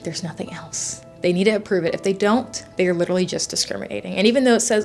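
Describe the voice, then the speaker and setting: A woman's voice: mid-range voice, quick pace, a little mellow, faint music behind. A woman in her twenties talking to her camera in a casual vlog, chatty and stressed, with sudden emotional outbursts. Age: 20s. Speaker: YouTube vlogger.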